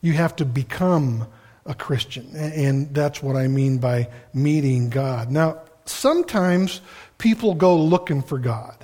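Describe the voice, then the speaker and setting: An older man delivers a sermon in a relaxed, folksy way, weaving family stories into his message. His voice sits a little high for a man. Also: unhurried. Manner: folksy, conversational storytelling. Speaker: preacher.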